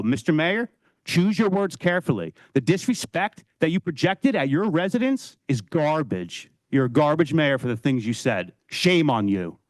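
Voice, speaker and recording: A man's voice: mid-range voice, dry recording. A man delivering an angry, confrontational public comment at a council meeting, scolding the official he addresses. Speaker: resident giving public comment. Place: council chamber. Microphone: podium microphone.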